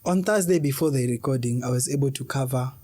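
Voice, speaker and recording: Brief: young Kenyan man, podcast guest, earnest and candid, warm mellow tone, dry studio sound. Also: mid-range voice, fast, dry recording. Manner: earnest, mixes Swahili slang into English. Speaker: gospel musician guest.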